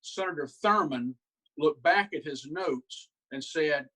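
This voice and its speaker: Folksy Southern humorist, fairly high voice. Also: male voice, slow, a bit bright, low-quality recording. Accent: Southern US, South Carolina. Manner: chatty, easygoing, anecdotal. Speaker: humorist and inspirational speaker. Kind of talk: folksy comedic storytelling. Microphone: video call.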